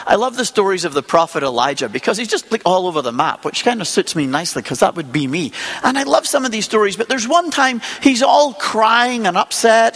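Male preacher, sermon, conversational, rhetorical questions, high voice, long reverb. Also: fairly bright tone.

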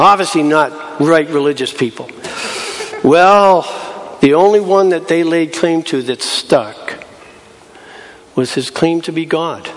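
A man preaching a sermon, talking to the congregation in a conversational way and acting out scenes from the Bible in different voices. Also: on the high side. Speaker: pastor. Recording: long hall reverb.

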